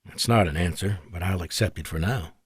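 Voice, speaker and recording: A man's voice: sits low, a little fast, breathy edge, dry recording, studio quality, voice pushed down. A man voicing a fiercely independent woman fighter pilot, playful and teasing in her replies, in an audiobook.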